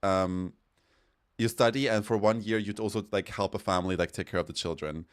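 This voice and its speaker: A man from Europe chatting casually while gaming, telling stories in a campy, animated way with swearing. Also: sits low, a little fast, clear, resonant tone. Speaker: streamer.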